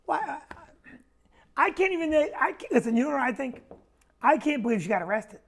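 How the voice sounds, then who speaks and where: A man hosting a comedy talk show, ranting with animated indignation and quick asides. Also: very high-pitched, gravelly. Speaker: comedian host.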